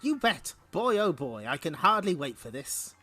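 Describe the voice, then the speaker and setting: A dopey, eager cartoon cat sidekick chirps along happily, as a man puts him on. The voice is pitched up and bounces around. He sounds keen for any plan. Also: moderate pace, soft background music, exaggerated voice. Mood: excited. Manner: chirpy and excited.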